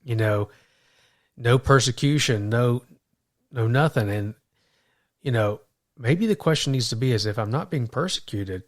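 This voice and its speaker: A man's voice: medium pitch, unhurried, long pauses. A man co-hosting a Christian podcast, telling stories animatedly, stumbling and repeating words as he starts sentences. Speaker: podcast co-host. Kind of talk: faith podcast conversation.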